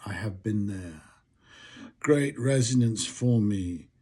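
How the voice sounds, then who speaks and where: A man from England giving a wry, reflective spoken monologue, musing in long lyrical lists, with a husky voice. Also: lowish voice, takes it slowly, darkish tone.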